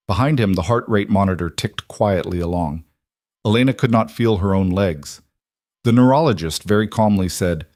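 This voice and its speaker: A man reads a crime story aloud with steady, measured storytelling. His voice sits low and the sound is dry and close, with no room. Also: dry recording. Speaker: narrator. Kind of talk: scripted story narration.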